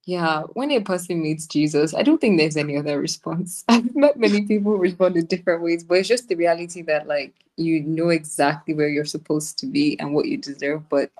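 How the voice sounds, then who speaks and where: Animated young woman co-host, low voice. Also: a little fast, few pauses. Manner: animated, laughs between phrases. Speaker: podcast co-host. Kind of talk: casual chat.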